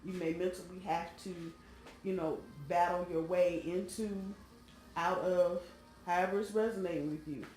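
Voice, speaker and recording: Recorded on a phone in an echoey room, a woman chats her way through a loose tarot reading, addressing viewers head-on and stressing her points. Her voice sits low, a little mellow, with fairly even intonation at a normal speed.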